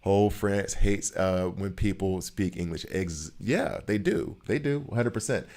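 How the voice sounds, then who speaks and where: A man, a gaming streamer, chatting casually and ranting in an animated way, firing off rhetorical questions. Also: sits low, unhurried, vocal fry. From United States. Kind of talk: casual chat while gaming.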